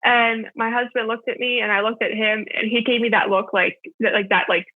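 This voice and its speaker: A woman's voice: a little high, little pitch movement, brisk, no echo. A young adult woman telling a personal story as a podcast guest, chatty and full of filler words. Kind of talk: casual storytelling. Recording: tinny phone-line audio, dry.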